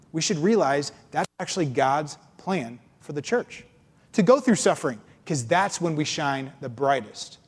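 A man preaching a sermon as pastor, animated, acting out complainers in mocking voices. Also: fairly high pitch, big-room sound. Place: church.

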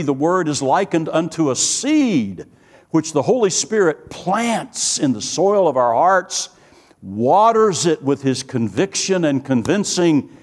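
A man's voice: fairly high pitch, a little mellow, big-room sound. Earnest male preacher delivering a sermon. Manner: earnest, builds emphasis with rising lists; storytelling with quoted dialogue.

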